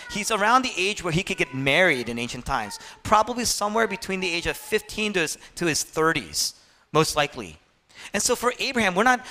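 A male pastor preaching an impassioned sermon, swinging between loud, urgent passages and hushed, quiet ones. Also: high voice.

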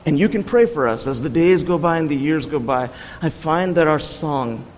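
A man's voice: on the high side, expressive, moderate pace, slight background noise. Man preaching in a reverberant hall. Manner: earnest, anecdotal storytelling with light humor. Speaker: guest preacher. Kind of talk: sermon.

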